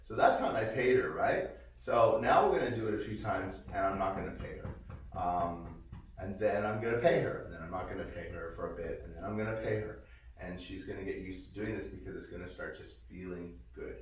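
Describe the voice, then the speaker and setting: A man teaching his dog commands, explaining calmly between short cues and breaking into high, excited praise. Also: brisk, far from the mic. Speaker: dog trainer. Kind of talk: casual training demonstration. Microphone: robotic tracking camera. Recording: echoey room, voice from away from the mic.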